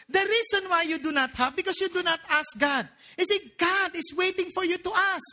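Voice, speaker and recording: Woman preacher: high, bright voice, lively and playful from the pulpit. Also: moderate pace. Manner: animated and joking, mixing in local phrases. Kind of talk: sermon.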